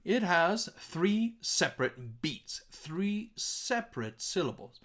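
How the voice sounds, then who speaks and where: A man teaching a music composition lesson, repeating words aloud to show their pitch and often checking in with "okay?". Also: slow pace. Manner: animated, sing-song emphasis. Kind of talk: recorded classroom lesson.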